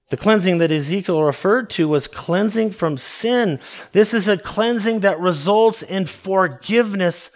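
A man preaching a sermon in an emphatic, conversational way, with wry asides to his congregation. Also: sits high. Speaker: pastor.

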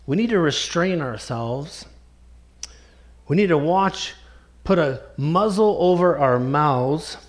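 Earnest, slightly high-voiced male preacher. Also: lively intonation. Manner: earnest, emphatic, slows right down to stress key words. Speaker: pastor. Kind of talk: sermon.

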